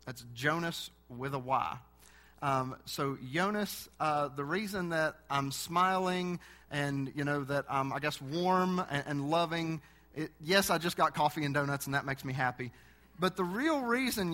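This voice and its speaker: A man's voice: on the high side, pushed and bright. A man preaching a sermon, speaking earnestly to his church and telling a personal story.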